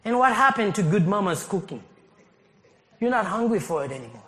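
High-voiced pastor from Haiti preaching. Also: male voice, fairly quick. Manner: animated, rises to shouting, laughs often. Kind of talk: sermon. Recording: long hall reverb.

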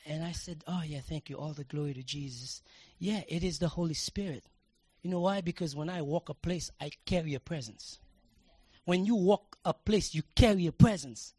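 A man preaching a sermon, telling everyday stories in a casual way and building to passionate shouts. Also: a little high, moderate pace, husky, no echo. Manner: conversational storytelling, rising to passionate shouting.

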